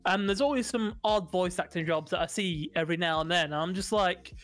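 A man co-hosting a podcast in casual chat, animated and quick to swear and joke at himself. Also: high-pitched, soft background music. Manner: animated, swearing, self-mocking. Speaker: podcast co-host. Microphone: studio mic.

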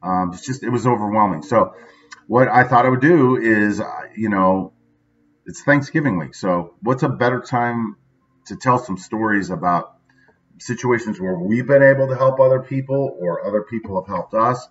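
A man's voice: on the low side, normal speed, a bit bright, a little hiss or hum. Chatty man, dull lo-fi recording. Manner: chatty, says "right?" often. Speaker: vlogger. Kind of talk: casual daily video monologue.

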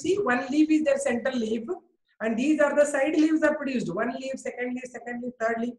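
A woman's voice: on the high side, roomy sound, rough recording. A woman with an Indian English accent teaching a biology class, coaxing students and praising them by name.

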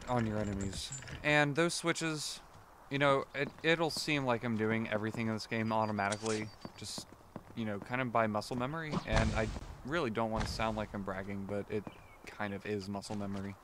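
A man's voice: on the low side, steady tone, a little fast, background noise. A man casually commenting on his gameplay as a let's play host, chatty and rambling, often correcting himself. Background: game music.

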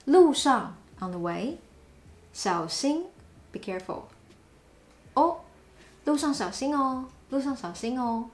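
Taiwanese-accented woman teacher, Mandarin native, fairly high voice, unhurried, repeats sample phrases playfully. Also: lively intonation. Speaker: language teacher. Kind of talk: language lesson. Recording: roomy echo.

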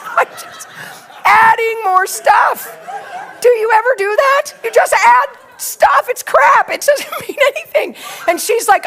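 A woman's voice: extremely high pitch, lively intonation, slow pace, fairly bright tone, a little hiss or hum. A woman in her sixties, a pastor, telling a funny story in a sermon and acting out her own part with laughter. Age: 60s.

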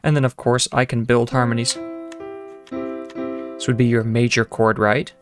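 A man's mid-range voice comes across flat and a little slow as he gives a casual music lesson with keyboard demos. He hums and counts rhythms aloud, thinking on his feet with fillers and restarts, while piano sounds in the background.

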